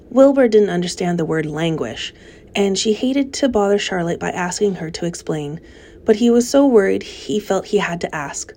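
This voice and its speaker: A woman reads a children's novel aloud at a gentle, measured pace. Her voice is mellow and warm. A gravelly fry texture colors her phrase endings. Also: mid-range voice, lively intonation. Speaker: audiobook reader.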